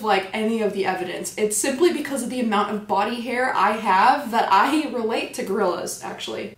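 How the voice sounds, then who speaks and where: A young adult woman hosting a casual makeup tutorial, talking in a joking, self-deprecating way with sarcastic asides. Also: on the high side. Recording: echoey room.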